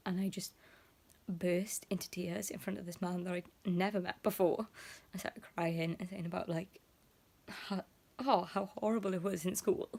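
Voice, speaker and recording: A woman's voice: on the low side, steady tone, normal speed, vocal fry, darkish tone. A young woman talking emotionally in a casual vlog, rambling with lots of fillers and slipping into half-whispered asides. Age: young adult. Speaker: vlogger.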